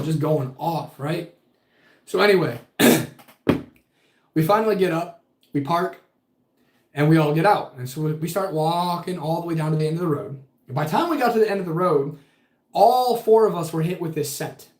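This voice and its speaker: A man's voice: on the high side, moderate pace. A man casually telling a spooky story with lots of swearing. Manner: profane, animated storytelling. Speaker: podcast guest telling a ghost story. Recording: echoey room.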